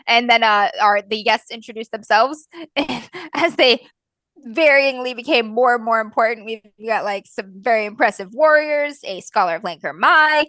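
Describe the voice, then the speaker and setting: A woman's voice: on the high side, moderate pace, sharp tone, dry recording. A woman player recapping the last tabletop session in a casual way, laughing often and swearing lightly. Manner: laughs through her sentences, swears casually.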